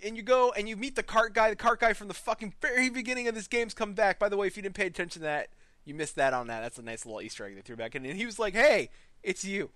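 Young male gamer with a high voice, profane and sarcastic, recapping a story to friends, recorded dry. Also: very fast, fairly bright tone, dry recording. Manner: crude, laughing, sarcastic, full of swearing. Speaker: gamer recapping a game's story for his guild. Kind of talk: casual profane rant.

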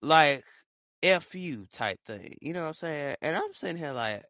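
A young man vents on his casual podcast, his voice bright and fairly high. He tells stories with slangy, excitable energy. The sound is dry and close. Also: moderate pace, dry recording. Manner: animated, excitable, slangy storytelling. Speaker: podcast host. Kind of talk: casual commentary.

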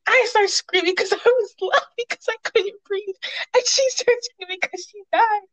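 A woman's voice: very high voice, normal speed, rough recording. A young woman in casual chat, telling game stories expressively and laughing often. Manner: lively, expressive storytelling with laughter.

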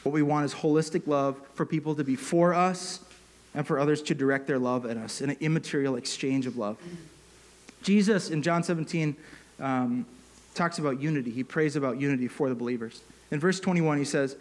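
A man's voice: fairly high pitch, moderate pace. A man preaching a sermon, earnest and unscripted, with fillers and rising emphatic peaks. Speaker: pastor.

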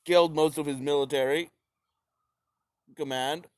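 A man's voice: fairly high pitch, steady tone, unhurried, a little mellow, dry recording, clean studio sound. A man giving a rambling, profane, jokey retelling of history, slipping into silly voices. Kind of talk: profane comic history rant.

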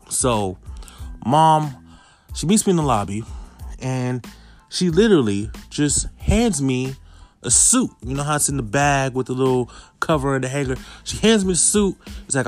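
A man in his thirties casually telling viewers a story, swinging from hushed asides to loud exclamations. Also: mid-range voice, lively intonation, moderate pace. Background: faint background music.

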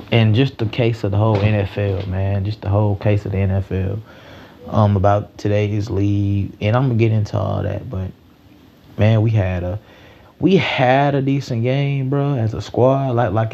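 A man's voice: lowish voice, steady tone, normal speed, warm tone, highs cut off, slight background noise. A man hosting a solo sports podcast, talking loosely and rambling, with lots of slang and swearing.

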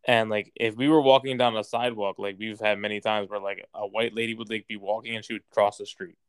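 A man's voice: fairly low pitch, little pitch movement, fairly quick, clean tone, dry recording. A young man telling a story in casual conversation, rambling and using "like" constantly. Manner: rambling, heavy use of "like".

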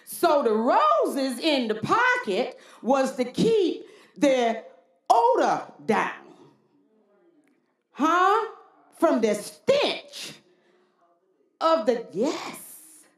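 A woman's voice: high voice, very animated, very slow, fairly bright tone, roomy sound. A woman pastor preaching a sermon, calling out to the congregation with repeated "Huh?" and folksy talk. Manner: call-and-response preaching with frequent "Huh?".

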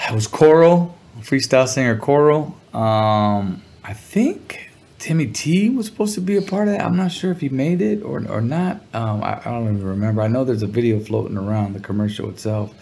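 Man, low gravelly voice, laid-back slangy storyteller, interview guest. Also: a little mellow. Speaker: musician guest. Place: Los Angeles area.

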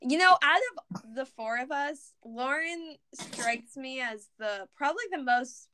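A woman's voice: sits high, a little slow, pushed and bright, slight background noise. A teenage girl co-hosting a podcast in casual chat, giggly and rambling with lots of filler words. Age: teens. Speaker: podcast co-host.

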